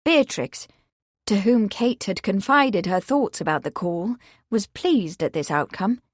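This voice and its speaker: A woman's voice: mid-range voice, animated, unhurried, no room sound. Woman narrating a mystery audiobook, dry. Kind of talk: scripted narration.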